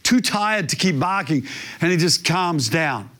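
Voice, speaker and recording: A man preaching a sermon, telling a story in a lively, animated way. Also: a little high, unhurried. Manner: animated storyteller, imitates barking dog. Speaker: pastor.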